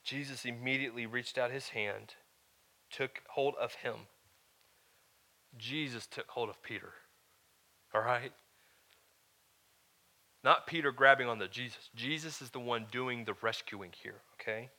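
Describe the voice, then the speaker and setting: A man preaching as a pastor, moving from loud, emphatic lines to quieter, earnest teaching and asking his listeners "all right?". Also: mid-range voice, measured pace, long pauses. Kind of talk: sermon.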